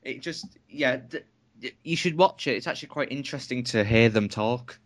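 Man, podcast co-host with a mid pitch, teasing and quick to interject, dry close sound. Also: fairly bright tone, no room sound. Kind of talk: casual chat.

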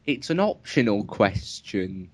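A man's voice: lowish voice, big pitch swings, takes it slowly, dry recording. A man co-hosting a casual podcast, teasing the others and taking the contrary side. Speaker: podcast co-host. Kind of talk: casual chat.

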